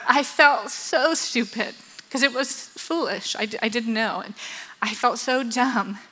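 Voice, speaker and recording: A woman's voice: fairly high pitch, unhurried, bright, forceful tone, low-quality recording. A woman with children tells a personal story, acting out the quotes and laughing often. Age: adult with children. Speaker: speaker telling a personal story.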